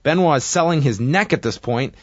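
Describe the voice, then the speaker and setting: A man casually recapping a wrestling match play by play, with steady narration and frequent fillers. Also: a little high, brisk, no room sound, muffled recording.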